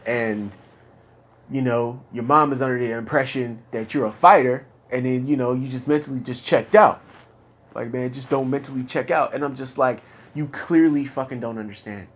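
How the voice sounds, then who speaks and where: A man's voice: medium pitch, normal speed, muffled recording. A young man talking candidly with his therapist, frustrated and profane, his voice climbing into anger as he vents. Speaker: patient in therapy.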